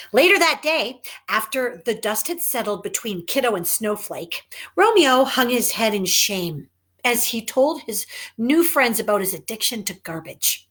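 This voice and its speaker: Animated woman reading her children's book. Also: high-pitched. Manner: animated, emphatic, chatty. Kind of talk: children's storytelling.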